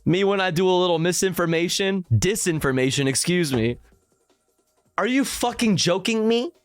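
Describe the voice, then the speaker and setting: A man's voice: high voice, moderate pace, clean tone, no room sound, soft background music. A young man streaming live, laughing in disbelief, swearing and reading headlines and chat comments aloud.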